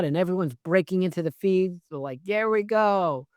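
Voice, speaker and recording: Exasperated, profane film reviewer, rambling sarcastic rant, mid pitch, dry mic. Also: brisk, hardly any pauses, smooth, no room sound. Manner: rambling, heavy use of "like" and "right?". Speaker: movie reviewer. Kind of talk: ranting film review vlog.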